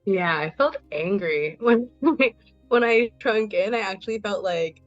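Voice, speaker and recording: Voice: medium pitch, measured pace, no echo. A participant animatedly sharing a personal reaction on a group video call. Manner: animated, laughing between phrases. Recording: dull lo-fi call audio with faint music.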